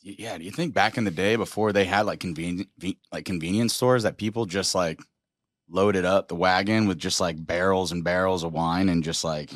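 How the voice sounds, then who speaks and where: A man co-hosting a podcast, throwing out quick joking questions in casual chat. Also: low-pitched, steady tone, no echo, studio quality. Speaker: podcast co-host.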